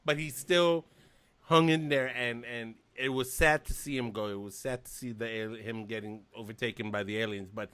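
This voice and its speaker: A podcast host with a steady, fairly bright, clean tone and normal speed leads a casual movie discussion over a video call. He's enthusiastic, laughs often, and mimics characters with big leaps in pitch.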